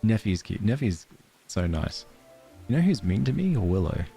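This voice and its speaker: A man's voice: on the low side, sing-song, normal speed, vocal fry, mellow, faint music behind. A man streaming a cozy game, chatting casually and giggling while reading game letters aloud. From Australia. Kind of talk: casual let's-play chat.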